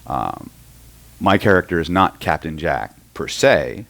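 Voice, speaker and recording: A man's voice: very deep voice, very animated, unhurried, creaky, fairly bright tone. A middle-aged man from Oklahoma teaching a live seminar on hypnosis, telling stories and often checking in with the audience. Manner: storytelling, keeps checking in with the room. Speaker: hypnosis and NLP trainer.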